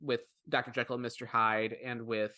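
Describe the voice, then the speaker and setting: In a laid-back podcast conversation, a male co-host talks at normal speed, his mid-range voice sharp and fairly flat in pitch. He's excited and rambly, frequently starting over, and the recording is dry.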